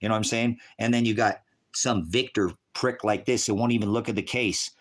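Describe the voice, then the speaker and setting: An angry, distraught man ranting profanely on a livestream, at times shouting. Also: fairly low pitch, steady tone, a little fast.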